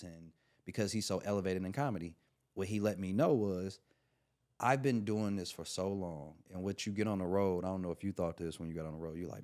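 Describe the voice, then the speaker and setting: A man's voice: low voice, fairly quick. A man, a comedian and podcast guest, telling stories in a casual, slangy way and acting out the quotes. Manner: animated, slangy, acts out quotes. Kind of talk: casual storytelling chat.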